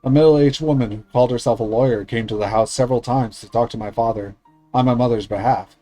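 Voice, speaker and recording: A male streamer reads the story narration of a visual novel aloud in an earnest, steady way, stumbling now and then. His voice is mellow and unforced at an average pitch. Quiet game music plays in the background. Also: quick pace, low-quality recording. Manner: steady, earnest reading with small slips.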